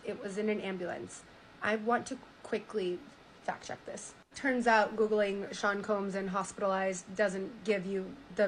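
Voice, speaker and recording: A woman's voice: medium pitch, a little hiss or hum, rough recording. Woman streamer reading a story aloud. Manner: animated, reads quotes with stunned asides.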